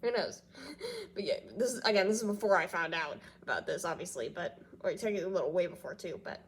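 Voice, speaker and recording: A woman's voice: medium pitch, sing-song, fast, slight background noise. Congested woman rambling in a fan vlog. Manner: rambling, with frequent fillers and loops back on itself; giggles often between thoughts. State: congested, nasal from allergies. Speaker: fan reaction vlogger. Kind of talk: casual chat reacting to TV news.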